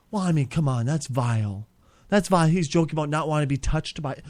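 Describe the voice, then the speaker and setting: Squeaky, excitable male comedy host. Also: fairly quick, dry recording. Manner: flips between squeaky outbursts and low grumbling, swears a lot. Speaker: podcast host. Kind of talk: comedic bickering banter.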